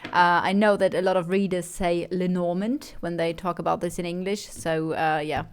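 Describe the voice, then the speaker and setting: A woman doing a tarot card reading. She talks in a chatty way, corrects herself, and softly repeats her questions while she draws the cards. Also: on the low side, steady tone, moderate pace, smooth. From Germany. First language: German. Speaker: tarot reader.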